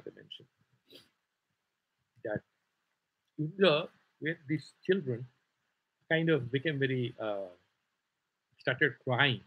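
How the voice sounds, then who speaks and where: Indian male scripture teacher, raspy and gravelly, rambling explanatory delivery, muffled livestream sound. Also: mid-range voice. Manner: explanatory and digressive, many "sort of" hedges. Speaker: Vedanta teacher. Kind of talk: scripture class lecture.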